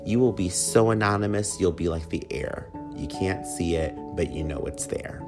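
A man's voice: deep voice, normal speed, music in the background. A man hosting his own podcast, chatty and campy, with a playful, slightly whiny way of talking. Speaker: podcast host. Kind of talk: solo podcast talk with a read ad.

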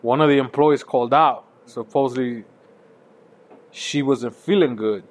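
A man's voice: mid-range voice, unhurried. A man in a casual podcast chat who laughs often, jokes and teases his friend. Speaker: podcast co-host. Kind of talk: casual chat over beer.

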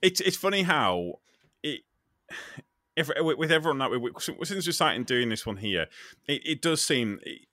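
A man hosting a podcast, with a bright, ringing tone and a pitch that swoops up and down as he gets worked up and laughs. He speaks close to the mic in a dry, dead room. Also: moderate pace, dry recording. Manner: animated, laughing, with many restarts. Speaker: podcast host. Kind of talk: casual podcast chat.

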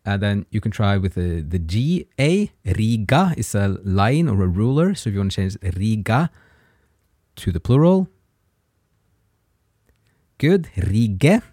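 A man teaching a grammar lesson, patient and encouraging, pausing so learners can answer before he gives the form. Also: fairly low pitch, big pitch swings, warm tone, husky, no echo, clean studio sound. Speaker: language teacher.

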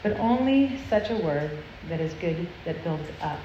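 A woman's voice: on the low side, expressive, a little slow, mellow, slight background noise. Earnest woman preaching in a roomy hall. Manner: earnest, confessional, conversational, with tag questions. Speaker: speaker at a girls' church event. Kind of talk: sermon. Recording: roomy, muffled sound with faint ambience.

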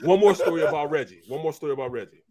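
A man's voice: a little high, rapid-fire, crowd noise. A middle-aged man, a former pro football player, co-hosting a sports talk show with emphatic, slangy storytelling.

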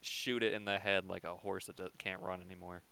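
A man with a lowish voice and a bright, forceful edge, co-hosting a podcast. He chats casually with dry, self-deprecating humor and laughs often. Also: flat delivery, brisk, vocal fry, dry recording. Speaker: podcast co-host. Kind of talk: casual chat.

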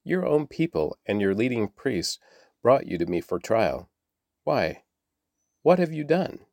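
A man reading aloud and voicing an uneasy Roman governor, pressing his questions with his pitch rising. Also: very animated, measured pace, creaky, darkish tone, dry recording, studio quality.

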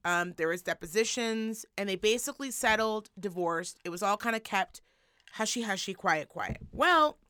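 Podcast host, female, bright forceful voice, dry close sound, animated profane storyteller. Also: mid-range voice, moderate pace, clean tone, no room sound. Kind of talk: casual gossip chat.

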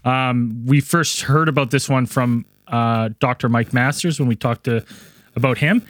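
A man's voice: mid-range voice, unhurried, a bit bright, no room sound, studio quality. A man co-hosting a podcast in casual chat, talking over a remote call, rambling with restarts and laughing often. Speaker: podcast co-host. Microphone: remote call mic.

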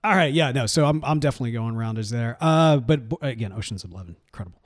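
A man in his thirties co-hosting a podcast in casual chat, animated and chatty and laughing often. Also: medium pitch, quick pace. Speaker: podcast co-host.

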